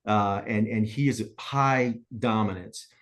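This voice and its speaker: Unhurried and a bit bright, this middle-aged man's voice sits on the low side. As a business coach guesting on a podcast interview, he shares stories and often follows his points with "right?".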